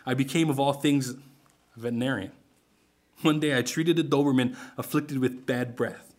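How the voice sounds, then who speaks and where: A man's voice: medium pitch, fairly even intonation, moderate pace, darkish tone. A man telling a humorous first-person story with dry understatement.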